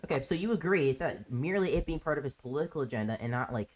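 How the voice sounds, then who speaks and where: Fast, lively man hammering his point. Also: a little high. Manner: rapid, insistent, interrupting. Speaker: debate livestream host. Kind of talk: heated political debate.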